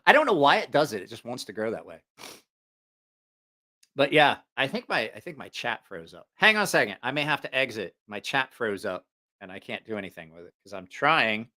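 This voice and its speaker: A man's voice: mid-range voice, big pitch swings, a little fast, pushed and bright. A man hosting a casual livestream, telling profane, rambling anecdotes with frequent laughter. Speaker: livestream host.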